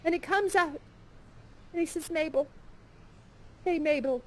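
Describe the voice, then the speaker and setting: A woman's voice: high-pitched, a little slow. A woman improvising a playful, theatrical story for friends in a virtual game. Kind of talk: improvised puppet-show storytelling.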